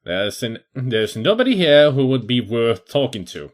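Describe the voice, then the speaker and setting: A man talks through an adventure game as he plays it, reading its text aloud and thinking out loud. His mid-pitched voice moves up and down a lot. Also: very animated, moderate pace. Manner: reads game text aloud, musing to himself. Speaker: let's player. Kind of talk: casual game commentary.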